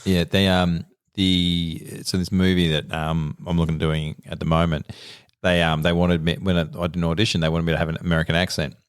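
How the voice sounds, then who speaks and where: A relaxed Australian bloke of about forty, talking loosely on a podcast and chuckling through his anecdotes. His voice sits low. The sound is close and dry, with no room around it. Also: fairly quick, few pauses, clear, resonant tone, no room sound. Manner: laid-back, laughs through his anecdotes. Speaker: podcast co-host. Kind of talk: casual chat, storytelling.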